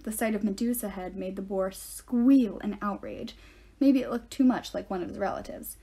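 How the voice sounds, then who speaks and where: A woman reading a novel aloud in steady first-person storytelling. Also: mid-range voice, moderate pace. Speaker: audiobook reader.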